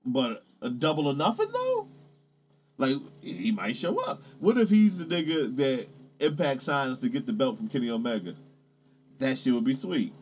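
A man chatting casually about wrestling, excitable and swearing, his voice jumping up when he gets hyped. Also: medium pitch, moderate pace.

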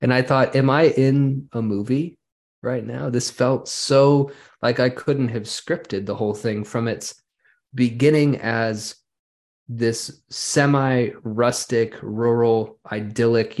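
A man hosting a podcast, telling a wry, detailed anecdote in casual chat. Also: medium pitch. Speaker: podcast host.

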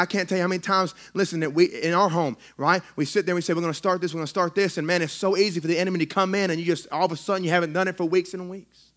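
Excitable pastor preaching. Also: male voice, high voice, very fast. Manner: excitable, conversational preaching with frequent restarts. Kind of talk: sermon. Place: church sanctuary.

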